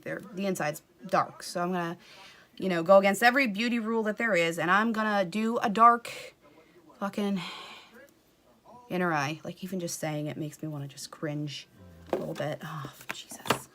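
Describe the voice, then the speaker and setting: A makeup vlogger runs a casual, comedic tutorial at a moderate pace in an animated, fairly low, fairly bright voice. She swears freely, mocks herself, and often drops into a whisper.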